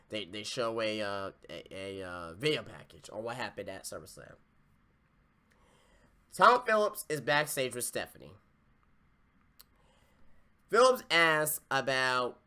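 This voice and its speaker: A man's voice: mid-range voice, bright, forceful tone. Swearing, exasperated male podcast ranter. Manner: profane, exasperated ranting. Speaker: podcast host. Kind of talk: casual wrestling review rant.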